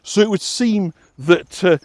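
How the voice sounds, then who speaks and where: A man's voice: high-pitched, measured pace, a little mellow, no room sound. A man from West Yorkshire chatting and explaining as he walks along an outdoor path, rambling with many fillers and restarts. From West Yorkshire, England. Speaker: walking guide and vlog host. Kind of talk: casual explanatory chat while walking.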